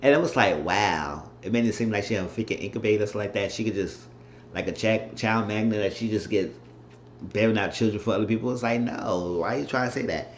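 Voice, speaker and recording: Male vlogger, lowish voice, loose animated recap style; roomy, lo-fi room sound. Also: quick pace. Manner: rambling, animated retelling with mimicked quotes. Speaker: reality show recap vlogger. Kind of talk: casual episode recap. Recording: roomy, dull lo-fi sound with faint noise.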